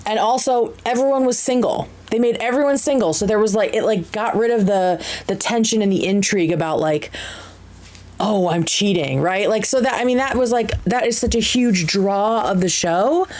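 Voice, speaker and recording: A woman's voice: on the high side, fairly quick, few pauses, a little mellow, poor audio. A woman hosting a live-streamed podcast, chatting casually and animatedly, with many fillers and restarts. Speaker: podcast host.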